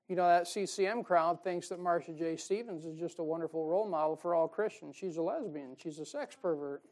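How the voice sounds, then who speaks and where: A man preaching a sermon in a folksy, emphatic way, chuckling at his own jokes and swinging between loud stresses and soft asides. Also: on the high side, fairly quick.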